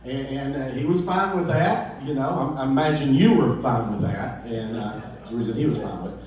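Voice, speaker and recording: A man who owns a comedy club, telling stories and jokes at a memorial in a rambling, halting way full of restarts. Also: medium pitch, a little mellow. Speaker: comedy club owner giving a eulogy. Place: memorial gathering hall. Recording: roomy echo, speaker far from the mic.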